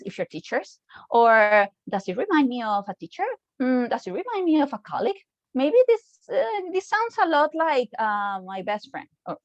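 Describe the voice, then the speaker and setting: Female lecturer, Costa Rican Spanish accent, Spanish native, chatty and engaging, slightly high voice, dry close sound. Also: no room sound, muffled recording. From Costa Rica. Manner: chatty, often checks in with "okay?". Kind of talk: online lecture.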